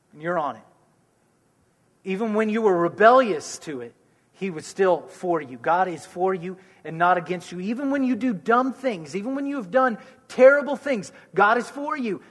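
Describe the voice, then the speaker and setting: High-voiced man preaching reassuringly. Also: animated, normal speed, in a large hall. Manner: warm, reassuring, repeats key phrases. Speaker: pastor answering questions. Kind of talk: conversational preaching.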